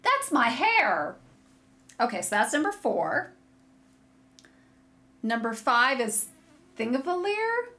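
A woman hosting a knitting video podcast from a room at home, chatting casually and gushing excitedly to viewers as she shows yarn. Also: fairly high pitch. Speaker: podcast host. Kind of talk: casual chat showing yarn on camera. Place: home room with a curtain behind her. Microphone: desk setup facing a monitor.

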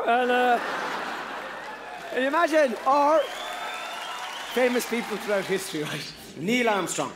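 Irish stand-up, high voice, rambling and sweary, live crowd and noise around him. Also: male voice. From Ireland. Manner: profane, rambling, halting. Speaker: stand-up comedian. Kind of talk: stand-up routine. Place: theatre stage. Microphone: stage microphone. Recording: live show, noisy crowd.

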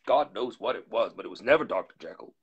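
A man's voice: fairly low pitch, expressive, quick pace, breathy edge, highs cut off, full character voice. A man reading aloud, voicing a frightened, loyal older male butler who pleads urgently and drops into whispers. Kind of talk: live storytelling reading.

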